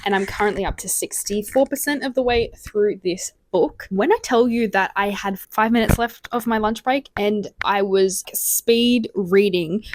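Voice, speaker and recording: A young woman, chatting excitedly at home in a casual reading vlog, often dropping into whispers, recorded on her camera's built-in mic. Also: medium pitch. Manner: excitable, gushing, drops into whispers. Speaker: book vlogger. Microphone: camera mic, no external microphone.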